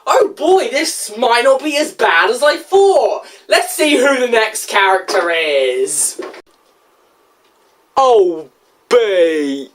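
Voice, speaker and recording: A woman's voice: fairly high pitch, sing-song, takes it slowly, few pauses, a bit bright. Sarcastic ranting woman reviewing a game. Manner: rhetorical questions and exasperated asides. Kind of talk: casual video game review.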